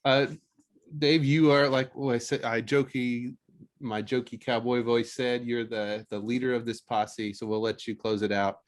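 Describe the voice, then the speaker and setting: A man's voice: medium pitch, steady tone, normal speed. A man hosting a podcast round table, easygoing and laughing often. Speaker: podcast host. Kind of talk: casual round-table chat.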